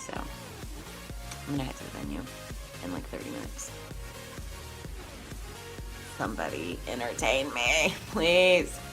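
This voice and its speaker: A woman's voice: rumbling low, wildly swooping pitch, slow, gravelly, long pauses, rough recording. A woman competing in bodybuilding, talking casually to camera in a chatty, openly emotional way. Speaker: bodybuilding competitor vlogging her show day. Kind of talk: casual vlog talk to camera. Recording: background music and crowd chatter.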